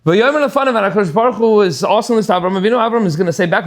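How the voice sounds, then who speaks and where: Expressive high-voiced rabbi teaching. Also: male voice, racing, few pauses. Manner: expressive storytelling, dipping low for asides. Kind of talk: Torah class teaching.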